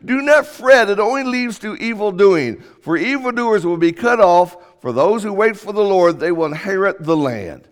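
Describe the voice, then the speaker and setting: High-voiced man preaching in a reverberant hall. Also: animated, normal speed, hardly any pauses. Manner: emphatic, rising and falling sharply for emphasis. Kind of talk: sermon. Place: church auditorium. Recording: long reverb of a church hall.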